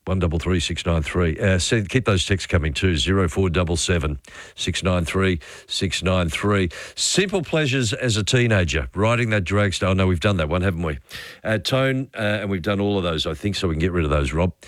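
An Australian man hosts late-night talkback radio. He chats in an easy, relaxed way as he reads out listener messages. His voice sits low and sounds dry and close. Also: normal speed, no room sound. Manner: relaxed, chatty, reading out texts. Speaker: radio host.

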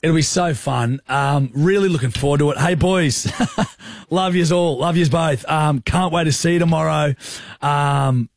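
A man's voice: on the high side, measured pace, no echo, clean studio sound. A young man with an Australian accent, hosting a radio show with teasing, joking banter. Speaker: radio host. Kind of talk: casual on-air banter.

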